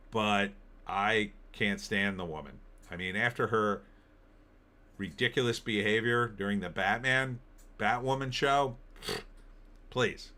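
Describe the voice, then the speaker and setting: A middle-aged host of an opinion show has a lowish, sharp-toned voice. He riffs casually on the headlines, sarcastic and ranting, with mocking asides delivered in put-on voices.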